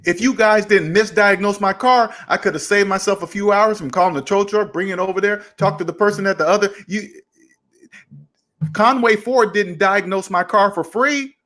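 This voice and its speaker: A man with a raised voice, hosting a personal finance channel and telling a story in a casual, animated way, acting out both sides of an argument in quoted dialogue. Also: sits high, normal speed.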